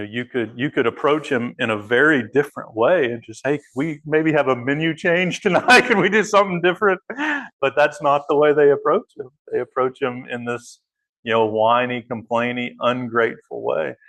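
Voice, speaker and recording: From across an echoey church room, a father with a mid-range, fairly bright voice teaches an adult Bible class. He talks things through, often restarting his sentences and filling gaps with fillers.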